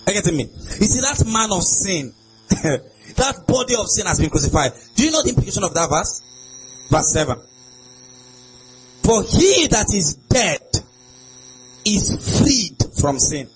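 A man preaching a sermon, emphatic and sing-song, with sudden shouts. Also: high voice, very animated, measured pace, pauses often, slight background noise, low-quality recording.

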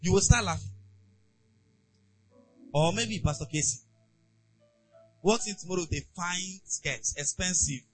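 A man preaching a sermon, asking the congregation rhetorical questions and swinging from soft asides to loud emphasis. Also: sits high, measured pace, pauses often, soft background music, low-quality recording. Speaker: pastor.

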